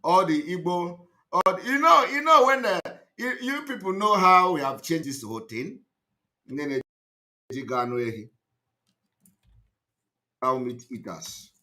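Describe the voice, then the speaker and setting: On his online show, a man gives an impassioned, looping monologue in a high, bright voice. His intonation is lively, jumping from loud bursts down to low asides, and he goes a little slowly with long pauses.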